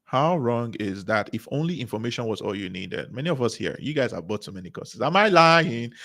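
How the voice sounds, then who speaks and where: A man's voice: fairly low pitch, lively intonation, brisk, creaky. A man giving a motivational talk at a business seminar, speaking emphatically, repeating key phrases and asking the audience rhetorical questions.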